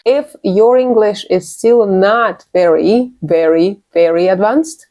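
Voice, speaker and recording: A woman gives an English lesson in a clear, patient voice. She says each example phrase twice and stresses it so learners can copy it. Her pitch sits in an ordinary middle range. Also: expressive, slow, darkish tone. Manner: clear, patient teaching with repeated model phrases. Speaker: English teacher.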